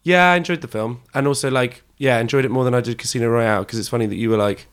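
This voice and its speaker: A man's voice: medium pitch, racing, fairly bright tone, smooth. A man from England chatting casually on a podcast, often restarting and swearing bluntly. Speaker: podcast co-host. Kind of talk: casual chat.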